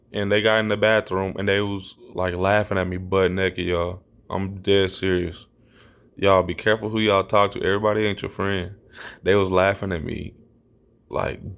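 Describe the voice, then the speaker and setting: A man casually telling viewers a true story, animated and repeating himself, acting out what others said in a raised voice. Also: lowish voice, clear, resonant tone. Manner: animated, acts out quotes in a raised voice.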